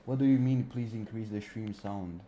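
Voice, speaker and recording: A young man with a fairly low voice rants on a casual live stream, sarcastic and exasperated, swearing freely and calling everyone "bro". His mic sits close at his mouth, and a faint ambient hiss runs underneath. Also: moderate pace, warm tone. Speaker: livestream trading streamer. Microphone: mic right at the mouth.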